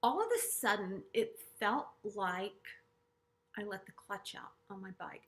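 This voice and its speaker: A middle-aged woman earnestly telling a personal story to camera, halting and restarting often and dropping to hushed asides. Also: mid-range voice, sing-song. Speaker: vlogger sharing a personal story.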